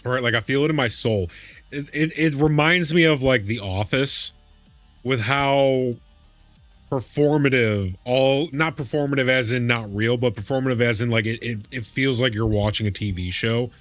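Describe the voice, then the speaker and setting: A man's voice: mid-range voice, normal speed, fairly bright tone, no room sound, soft background music. A young adult man streaming a game, chatting casually and laughing, often repeating himself. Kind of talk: casual live-stream chat.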